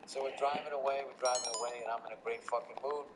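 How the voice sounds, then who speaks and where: A man hosting a podcast, telling a story in casual chat, profane and animated as he rants. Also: mid-range voice, fast, loud music behind the voice, rough recording. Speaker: podcast host.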